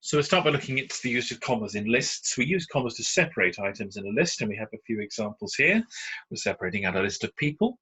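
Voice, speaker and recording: A man with a British accent teaching punctuation in a recorded slide lesson, explaining patiently with frequent pauses and fillers. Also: mid-range voice, big pitch swings, sharp tone, husky, poor audio. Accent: British English.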